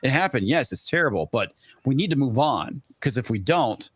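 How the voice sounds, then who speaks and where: A man's voice: mid-range voice, expressive, moderate pace, fairly bright tone, slightly rough, dry recording, studio quality. A man guest chatting casually, opinionated and swearing freely. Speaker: guest co-host. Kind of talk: casual chat.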